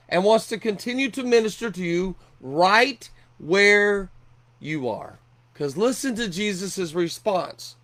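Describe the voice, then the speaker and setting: High-voiced man preaching earnestly. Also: fairly bright tone. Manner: earnest, repeats and restarts words. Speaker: pastor. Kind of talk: sermon.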